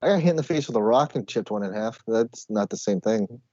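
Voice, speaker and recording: American man, rapid rambling chat, mellow dark voice, dry dull lo-fi sound. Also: lowish voice, lively intonation, dry recording. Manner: rapid, rambling, swears casually. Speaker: podcast co-host. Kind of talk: casual chat.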